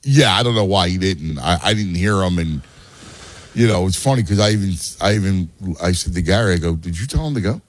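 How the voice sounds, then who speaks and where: A man who coaches youth baseball and has a son chats casually on a podcast, explaining game strategy with many restarts. His low-pitched voice moves a little fast, with no room sound.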